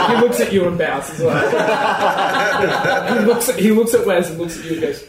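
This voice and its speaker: A man's voice: sits high, a little slow. Man game master in an echoey room. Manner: chatty, laughing narration with many ums. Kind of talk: narrating a tabletop game. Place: room shared with players around a table. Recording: echoey room, mic at a distance, faint noise.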